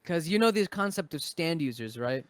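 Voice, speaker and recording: A man chatting casually on a podcast, retelling stories with lively acted-out quotes. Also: a little high, moderate pace, dry recording. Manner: animated storyteller, acts out quotes. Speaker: podcast cast member. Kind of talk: casual chat.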